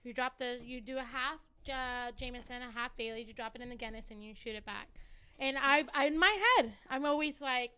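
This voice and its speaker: A woman with a high, bright and smooth voice chats casually as a podcast guest. She is playful and emphatic, and she rambles a little as she tells her point. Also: fairly even intonation, a little fast. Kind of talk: casual chat.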